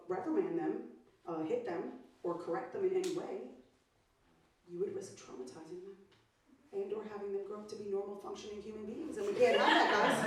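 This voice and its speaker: A woman comedian with a mid-range voice performs a stand-up set, her delivery brash, profane and punchy. The club sound is echoey and distant, with slight background noise.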